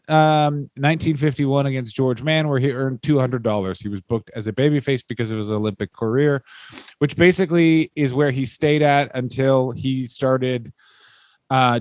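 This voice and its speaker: A man's voice: medium pitch, a little mellow, no room sound. Joking Canadian man, dry close mic. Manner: rambling, jokey, acts out silly voices. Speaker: podcast co-host. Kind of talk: casual comedic chat.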